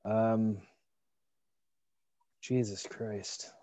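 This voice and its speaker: A man co-hosting a comedy podcast, wry and deadpan, often trailing off with fillers. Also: fairly low pitch, very slow, dry recording. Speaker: podcast co-host. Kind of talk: casual comedy banter.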